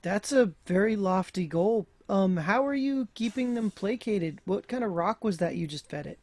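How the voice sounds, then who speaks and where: Relaxed man playing a game, dry sound. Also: high-pitched, normal speed, no echo. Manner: relaxed, hesitant with fillers. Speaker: player. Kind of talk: casual tabletop play.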